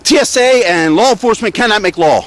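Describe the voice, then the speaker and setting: A man's voice: high-pitched, lively intonation, fast, a bit bright, slight background noise. A man protesting and filming police officers by a roadside, indignant and sarcastic, lecturing them as he goes. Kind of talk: confrontational street recording. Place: outdoors beside a road.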